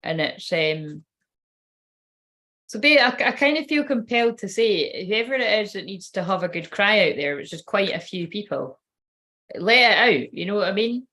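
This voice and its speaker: A woman's voice: medium pitch, animated, normal speed, bright, forceful tone. A woman reading oracle cards in a casual, rambling livestream chat, swearing now and then. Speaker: tarot card reader.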